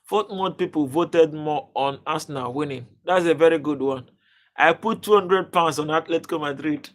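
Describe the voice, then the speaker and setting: A man's voice: a little high, moderate pace. A man from Africa hosting a casual live stream, bantering with viewers and reading their comments aloud in a playful way. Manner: playful banter, chuckling, repeats words when starting.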